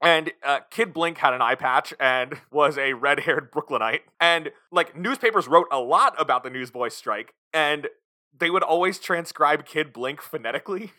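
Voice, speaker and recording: An energetic man walks his friends through some history in a casual chat. His voice is bright and forceful, pitched a little high, and recorded close and dry. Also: normal speed, no echo. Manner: explanatory, energetic. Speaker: podcast host.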